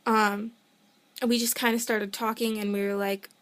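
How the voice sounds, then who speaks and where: A young woman with a slightly high voice tells a long story in a casual vlog. She talks in an excitable, gushing way, rambling and breaking off mid-sentence to start again. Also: normal speed. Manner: excitable, rambling, self-interrupting; gushing fan enthusiasm. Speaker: vlogger.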